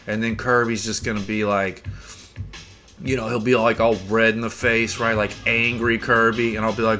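A man's voice: lowish voice, level tone, moderate pace, pushed and bright, faint music behind. A man hosting a podcast, delivering a rambling, profane, mock-boastful comedic rant. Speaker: podcast host.

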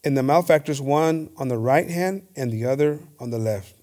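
A man's voice: medium pitch, normal speed, a little mellow. A man preaching a bilingual sermon, reading scripture and often stammering and restarting as he calls his listeners "hermanos". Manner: switches between English and Spanish, repeats "hermanos".

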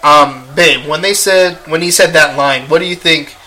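A man's voice: on the high side, normal speed, bright, forceful tone. A young man casually reviewing a movie, swearing freely and rambling with lots of ums. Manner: profane, rambling with many fillers.

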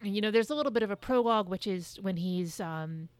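A woman's voice: mid-range voice, brisk, no room sound. A woman co-hosting a podcast in casual chat, talking loosely with plenty of swearing and filler words. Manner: chatty, frequent swearing and hedging fillers. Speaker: podcast co-host.

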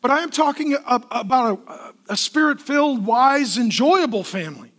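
A man preaching a sermon as pastor, telling stories in an animated way, acting out voices and asking the congregation to answer back. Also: very high-pitched, normal speed. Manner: animated storytelling with acted kid voices, asks the congregation for responses.

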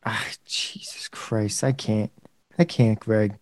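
A man playing an upset, slow-talking sidekick. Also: fairly low pitch, fairly even intonation, a little mellow, no room sound, in a whisper, studio quality. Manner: upset, pleading.

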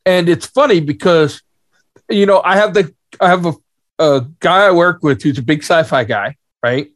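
A man's voice: on the high side, normal speed, dry recording, clean studio sound. A man co-hosting a casual podcast, telling stories animatedly and acting out both sides of the dialogue. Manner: animated storyteller, acts out dialogue. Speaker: podcast co-host. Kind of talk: casual chat.

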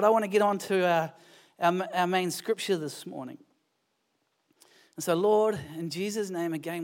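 Nz guy preaching in church, chatty and jokey, gets fired up. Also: sits high. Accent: New Zealand. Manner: conversational preaching with humor, rising to animated emphasis. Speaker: pastor. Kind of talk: sermon.

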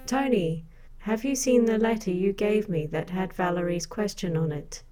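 Woman, formal deadpan assistant type, prim and proper, warm dark tone. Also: medium pitch, normal speed, soft background music. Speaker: podcast co-host and assistant. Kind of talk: scripted comic deadpan.

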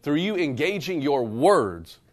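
A man preaching a sermon to a live congregation, animated and conversational, swinging between loud emphatic bursts and quieter, intimate passages while he speaks straight to the room. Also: on the high side, a little slow. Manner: conversational, addresses the room directly. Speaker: pastor. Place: church service room with a live audience.

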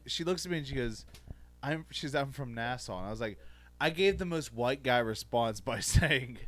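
A man's voice: mid-range voice, lively intonation, moderate pace, a bit bright, no echo. A man co-hosting a podcast, telling a rambling story in casual chat and laughing through it. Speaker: podcast co-host.

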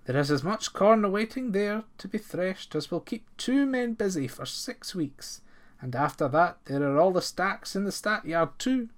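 A man reading the part of a cautious older farmer in a storybook, speaking slowly and carefully. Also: high-pitched, animated, pitched above the performer's own voice. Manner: slow, measured and cautious.

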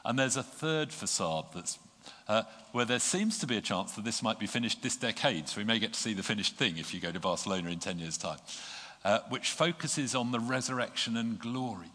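A man preaching a sermon, earnest and gentle, pausing with small fillers. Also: lowish voice, animated. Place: church. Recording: long reverb of a church hall.

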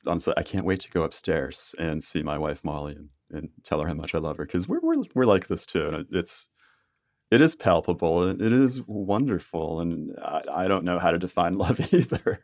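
A man with a low voice hosts a casual interview. He speaks conversationally and restarts halfway through his questions, recorded dry and close. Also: normal speed, darkish tone, dry recording.

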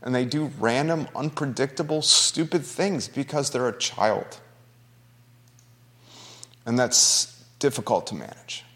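A man's voice: mid-range voice, lively intonation, unhurried, pushed and bright. Earnest male talk show host, reverberant. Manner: earnest, emotional, conversational. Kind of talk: talk radio monologue.

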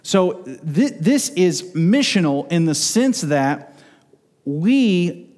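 A man preaching an expository sermon, emphatic and repeating words for emphasis, slowing down on key phrases. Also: a little high, sing-song, darkish tone. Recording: long reverb in a large hall.

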